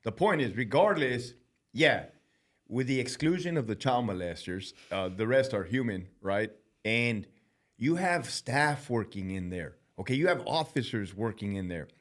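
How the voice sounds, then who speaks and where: A man's voice: medium pitch, lively intonation, normal speed. A man hosting a casual podcast conversation, a former prison officer who talks bluntly and swears constantly. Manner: blunt and heavily profane.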